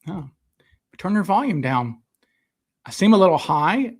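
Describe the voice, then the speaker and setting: A man's voice: sits high, sing-song, a little slow, husky. A man hosting a live stream, chatting casually, reading out viewers' comments and answering them into a desk microphone. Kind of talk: rambling live chat. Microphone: desk microphone, sometimes too close.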